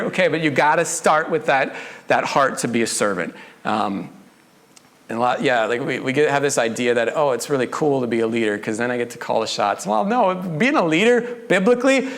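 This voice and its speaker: A male pastor giving a casual, conversational sermon with joking, animated asides. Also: on the high side. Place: church.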